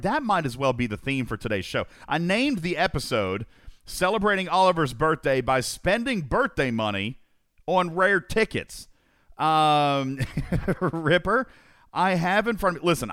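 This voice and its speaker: A man's voice: a little high, a bit bright, no echo. Congested man reading joke news. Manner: jokey, talks to chat viewers by name. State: congested from allergies. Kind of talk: comedic live-stream chat.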